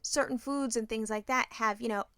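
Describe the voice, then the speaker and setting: A woman co-hosting a podcast, chatting casually and acting out her family in animated stories. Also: a little high, normal speed, clear, resonant tone, dry recording, studio quality. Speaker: podcast co-host. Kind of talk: casual chat.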